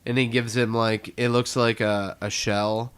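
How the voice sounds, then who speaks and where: A man's voice: medium pitch, level tone, measured pace, smooth. A young man co-hosting a podcast, retelling scenes step by step in a casual chat and acting out the lines. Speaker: podcast co-host.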